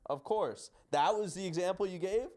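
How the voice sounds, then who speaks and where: A man's voice: high voice, moderate pace, darkish tone. Young man, casual podcast banter, teasing tone, repeats lines for laughs. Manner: playful, teasing, repeats himself. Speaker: podcast co-host. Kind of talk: casual chat.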